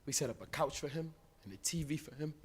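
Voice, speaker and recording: American preacher, loud and hushed by turns. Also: male voice, fairly high pitch, expressive, quick pace, slight background noise. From United States. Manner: informal street-style speech with big swings of volume. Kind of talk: live mosque talk. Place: mosque hall.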